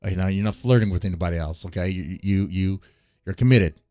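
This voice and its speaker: A man's voice: deep voice, fast, mellow, no echo, soft background music. A man hosting a casual live stream, ranting bluntly and laughing often as he comments. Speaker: streamer host.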